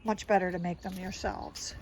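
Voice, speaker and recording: A woman's voice: lowish voice, steady tone, normal speed, a little mellow, poor audio. A woman with a South Jersey accent giving a casual walking tour of her suburban garden, chatty and enthusiastic as she points things out.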